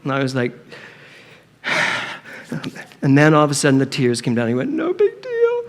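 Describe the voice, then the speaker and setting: A middle-aged man preaching a sermon, telling a humorous story and acting out the dialogue in a playful, animated way. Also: mid-range voice, measured pace. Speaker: minister. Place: church sanctuary. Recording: long reverb of a hall.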